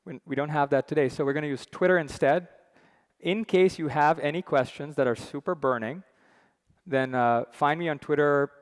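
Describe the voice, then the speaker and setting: A man introducing himself as session chair on a conference stage, relaxed and chatty with many fillers. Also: on the high side, moderate pace. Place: large conference hall. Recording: long hall reverb.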